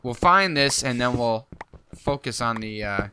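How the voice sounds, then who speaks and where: Lively, excitable young man gaming. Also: medium pitch, a little slow, noisy background. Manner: excitable, jumpy, talks to himself. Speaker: gaming YouTuber. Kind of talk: casual gameplay commentary.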